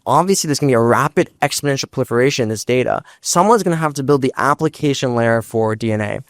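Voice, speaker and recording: A young man, a startup founder, telling animated stories on stage and acting out quotes. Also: mid-range voice, dry recording, clean studio sound. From United States. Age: young adult. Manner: animated, fast storytelling with acted-out quotes. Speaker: startup founder, guest speaker. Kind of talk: storytelling on stage. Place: stage before a large live audience.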